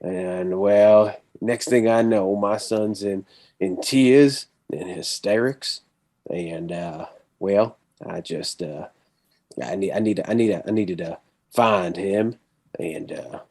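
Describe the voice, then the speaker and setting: A man voicing a gruff Southern rancher with a put-on Texan drawl, folksy and a bit stumbling. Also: on the low side, slow, darkish tone.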